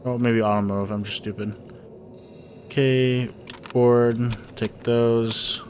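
A man's voice: medium pitch, steady tone, slow, a little mellow, slight background noise. A young man giving rambling, nervous let's-play commentary to his viewers, often panicking and talking to himself. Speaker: gaming YouTuber.

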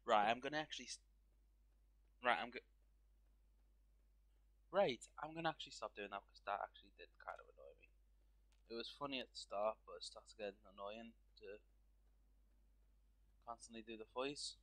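A man's voice: medium pitch, moderate pace, pauses often, a bit bright, no room sound. A man giving casual, rambling commentary while playing a video game, often restarting his sentences and leaning on fillers. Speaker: gaming YouTuber.

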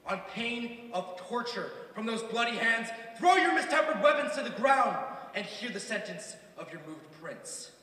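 A man's voice: extremely high pitch, very animated, normal speed, hardly any pauses, sharp tone, exaggerated voice. A man playing a stern, angry prince, declaiming a Shakespearean stage monologue. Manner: declaiming, commanding. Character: stern commanding male prince, angry ruler. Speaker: stage actor. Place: school stage. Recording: echoey hall from far off.

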